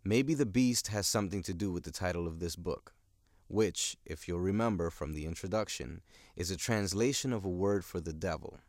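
A man's voice: sits low, normal speed, darkish tone, no room sound, clean studio sound. A man teaching, plainly explaining a novel to learners and asking them questions.

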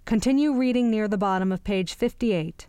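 A woman teacher summarizing a reading in a clear, explanatory, guiding manner. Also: mid-range voice, moderate pace, dark tone, no room sound. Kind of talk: lesson summary.

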